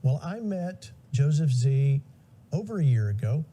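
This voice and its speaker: A man's voice: a little high, very animated, a little slow, warm tone. A man hosting a televised interview, speaking earnestly, heard from a played-back clip. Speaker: TV show host. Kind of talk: broadcast interview.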